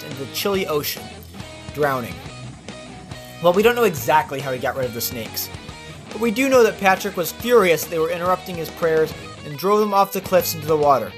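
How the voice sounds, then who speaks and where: A podcast storyteller retelling legends, breaking in with casual asides to the listener. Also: mid-range voice. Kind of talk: storytelling narration.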